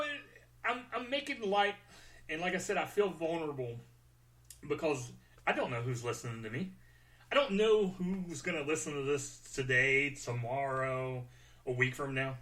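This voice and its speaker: A man's voice: a little high, sharp tone. A man hosting a show, talking candidly about his feelings and joking at his own expense while close to tears. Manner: candid, joking, self-deprecating. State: tearful. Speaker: podcast host. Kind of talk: personal monologue.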